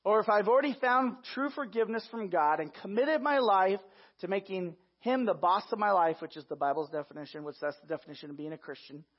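Lively, conversational man preaching. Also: high voice, slightly rough. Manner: lively, conversational, talks straight to listeners as "guys". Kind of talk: sermon. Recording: dull lo-fi recording.

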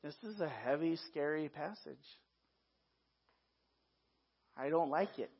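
A man with a somewhat high voice preaches in an easy, conversational manner, often turning to his listeners as "guys". His delivery stays lively and direct throughout. The recording sounds muffled and lo-fi. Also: a little fast, husky. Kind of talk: sermon. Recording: dull lo-fi recording.

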